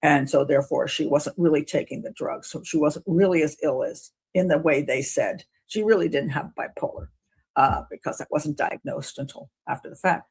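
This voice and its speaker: A woman hosting a casual talk show, commenting on a trial in an animated way and acting out courtroom quotes. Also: deep voice, moderate pace, breathy edge. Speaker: host.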